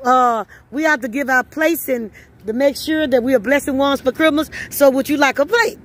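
A woman with a Southern US drawl, her voice pitched very high, hosting a charity giveaway outdoors in biting cold. She is upbeat and preachy, and she laughs often between her words. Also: normal speed. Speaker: host handing out holiday food. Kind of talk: casual charity vlog.

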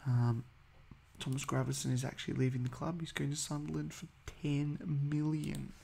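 A man's voice: on the high side, level tone, normal speed, creaky, mellow, breathy edge. A man giving casual, hesitant commentary over a football management game, full of ums and uhs. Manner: chatty, hesitant, many ums. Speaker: gaming video host.

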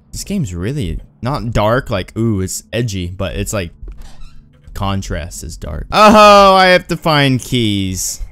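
A man's voice: lowish voice, a bit bright. A young man doing let's-play commentary on a horror game, muttering nervously and breaking into screams. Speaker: gaming YouTuber.

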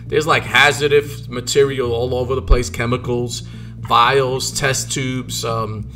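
A man's voice: medium pitch, little pitch movement, a little slow, pushed and bright, soft background music. Rambling male game master. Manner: loose, rambling, many fillers. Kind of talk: narrating a tabletop game.

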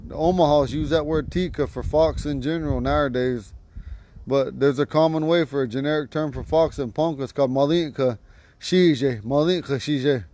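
A man teaching vocabulary to a class outdoors at home, patiently repeating each word slowly. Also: medium pitch, a little mellow, a little hiss or hum. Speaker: language teacher.

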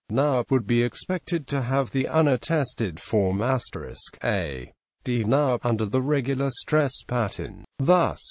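Man, scripted encyclopedia narration, steady even reading, middle pitch, dry close sound. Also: no echo.

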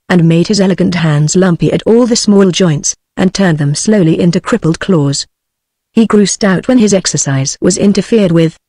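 A text-to-speech voice reading a classic ghost story aloud in an even, synthetic narration. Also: medium pitch, no echo, clean studio sound. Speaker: audiobook narrator. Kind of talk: scripted narration.

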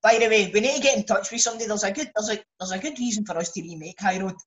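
A man's voice: sits high, rapid-fire, background noise. A man with a Scottish accent, a co-host who is blunt and swears freely in casual banter.

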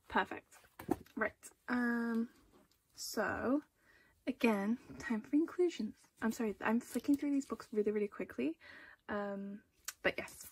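A woman's voice: fairly high pitch, background noise. A young woman chatting casually through an album unboxing, gushing, with small gasps between items.

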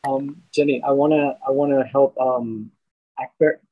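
Husky man, hesitant, on a dull call. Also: medium pitch, fairly even intonation, measured pace. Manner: hesitant, many ums. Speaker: class participant. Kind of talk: casual chat on a video call. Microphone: video call.

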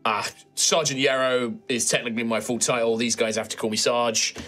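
A man's voice: mid-range voice, steady tone, fairly quick, sharp tone, faint music behind, natural voice. A man voicing a nervous, chatty middle-aged soldier sergeant who stammers and rambles. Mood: friendly, flustered.

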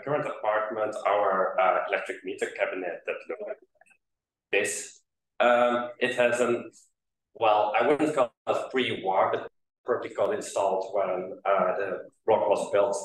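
Hoarse lower-voiced man presenting at a conference, casual, loose with fillers, echoey hall from far off. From Netherlands. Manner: casual, filler-heavy, self-deprecating. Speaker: conference speaker. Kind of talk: technical conference talk. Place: conference room.

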